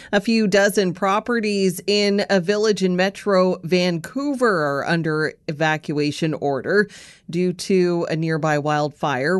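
A woman anchors a scripted radio newscast, moving through the stories and the weather at an even, measured pace. Her voice sits a little low. The sound is dry and close to the mic. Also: smooth, dry recording. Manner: steady, measured news read.

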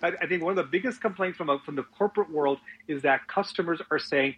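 A man's voice: a little high, fast talker, few pauses, breathy edge, lo-fi sound. A man who works as a financial advisor, a regular guest on a radio show, giving business commentary in an easygoing, conversational way.

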